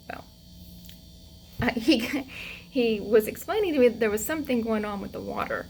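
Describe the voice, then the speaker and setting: A woman vlogger telling a personal story in a casual, chatty way, laughing often, acting out quotes, and going soft and hushed as she reflects. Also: a little high, expressive, moderate pace, creaky, pauses often, slight background noise, rough recording.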